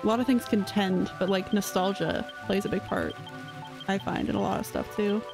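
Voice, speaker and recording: A woman's voice: mid-range voice, steady tone, moderate pace, gravelly, music in the background, low-quality recording. A young woman streamer chatting casually while she plays, rambling with lots of fillers. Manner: rambling, filler-heavy chat. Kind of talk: casual gameplay chat.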